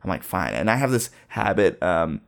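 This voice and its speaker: Gravelly-voiced man telling a story. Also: on the low side, normal speed. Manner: animated storyteller, acts out quoted dialogue. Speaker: guest telling a travel story. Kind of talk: casual chat.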